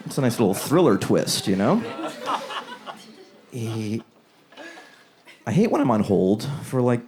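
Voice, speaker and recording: A man performing a stand-up comedy set on a club stage, acting out characters in quick asides. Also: mid-range voice, a crowd in the background. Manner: animated, acts out voices in quick asides. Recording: loud audience laughter behind.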